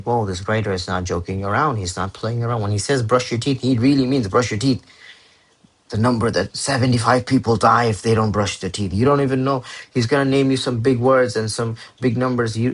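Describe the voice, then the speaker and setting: Husky-voiced young man teaching casually. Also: fairly low pitch. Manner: chatty, informal, self-correcting with fillers and slang. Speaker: English tutor.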